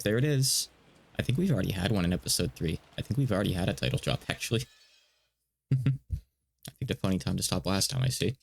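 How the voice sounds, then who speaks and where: A man's voice: deep voice, expressive, fairly quick, vocal fry. A man streaming a game, chatting in a casual, rambling way that slightly stutters. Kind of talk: casual let's-play commentary.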